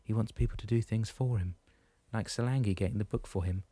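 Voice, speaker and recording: A man voicing a calm, wise middle-aged mother who speaks softly and patiently, in an audiobook. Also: lowish voice, a little fast, breathy edge, no room sound. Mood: gentle. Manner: soft, patient, reassuring.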